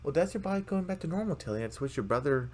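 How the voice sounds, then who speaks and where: A caring, concerned cartoon dad, voiced by a man who speaks a touch higher than his usual voice. He sounds gentle and reassuring, briefly acted out in a recap. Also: expressive, very fast.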